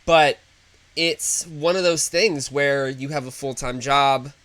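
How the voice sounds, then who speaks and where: A man's voice: medium pitch, slow pace, fairly bright tone, no echo. A young man co-hosting a casual gaming podcast, joking and enthusiastic as he talks. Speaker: podcast co-host.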